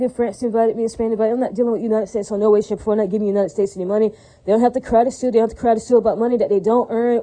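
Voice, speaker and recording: A woman's voice: mid-range voice, warm tone, low-quality recording. A woman in a rambling casual monologue, preachy and full of religious phrases, often asking "does that make sense".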